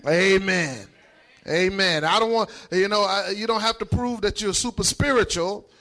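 A man preaching a sermon, fervent and sing-song, building up to shouted lines. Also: sits high, normal speed. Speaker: pastor.

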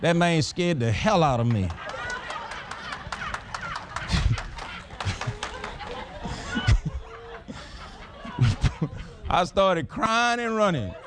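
A man's voice: on the high side, very animated, normal speed, few pauses, noisy background. A middle-aged man preaching a sermon, folksy and emphatic, chuckling as he tells personal stories.

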